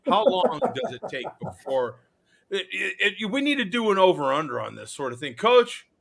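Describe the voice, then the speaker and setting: A man's voice: high voice, big pitch swings, moderate pace, vocal fry, noisy background. A man hosting a casual chat on a live show, jokey, laughing often and riffing on his co-hosts. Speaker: host.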